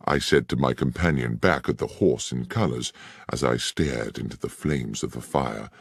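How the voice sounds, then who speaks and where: Gravelly, deep-voiced male narrator. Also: no echo, clean studio sound. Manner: measured and expressive. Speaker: audiobook narrator. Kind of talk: scripted first-person narration.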